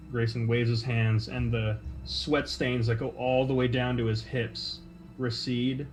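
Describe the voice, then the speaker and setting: A man narrating a tabletop game as game master, in a loose, filler-heavy way. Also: medium pitch.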